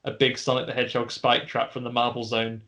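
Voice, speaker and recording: A man's voice: medium pitch, completely flat delivery, fairly quick, pushed and bright. A man casually retelling a film plot as a podcast co-host, rambling with restarts.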